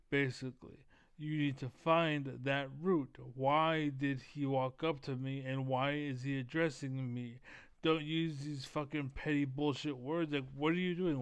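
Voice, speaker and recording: Reacting to a video, a man delivers heated, profane commentary in a fairly high, clean voice with no room sound. He's keyed up and energetic, blunt, and leans constantly on fillers like "basically."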